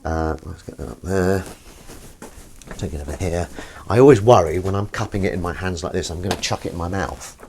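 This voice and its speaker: A man's voice: low voice, a little fast, a little mellow, slight background noise. Chatty man with dishes clattering. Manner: chatty and rambling, self-deprecating, frequent restarts and asides to viewers. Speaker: livestream host. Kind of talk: casual chat while washing up, reading viewer comments. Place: home kitchen at the sink. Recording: kitchen with clattering dishes and cutlery behind.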